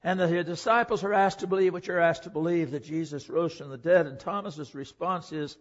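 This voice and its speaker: A man preaching a sermon, emphatic, swinging between loud declaring and hushed, quiet passages. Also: fairly high pitch, a little fast, few pauses. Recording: dull lo-fi recording.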